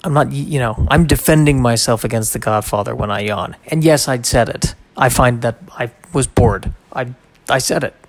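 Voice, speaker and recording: Gravelly man rambling on a solo podcast. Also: medium pitch, normal speed, dry recording. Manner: rambling, reads aloud and digresses with wry asides. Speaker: podcast host. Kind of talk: solo casual podcast monologue.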